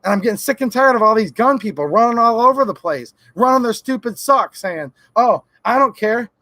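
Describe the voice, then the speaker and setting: A man's voice: high voice, lively intonation, fairly quick, pushed and bright, no room sound. A man hosting a live Q&A stream, ranting heatedly and sarcastically, sometimes mocking the voices of others.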